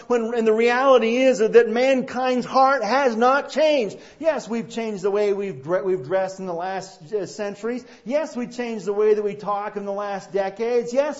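High-voiced preacher, dull lo-fi recording. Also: male voice. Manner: prays softly, then preaches with rising emphasis. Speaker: pastor. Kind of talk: sermon with opening prayer.

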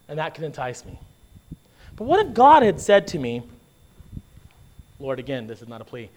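A man with a notably high-pitched voice delivers a sermon as a pastor. He talks to the congregation in a casual, back-and-forth way, stacking "right?" and "okay?" and doubling up words as he presses his point. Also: wildly swooping pitch, normal speed, long pauses, a little mellow, a little hiss or hum. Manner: conversational preaching with frequent "right?" and "okay?" check-ins; repeats and restarts words when emphasizing.

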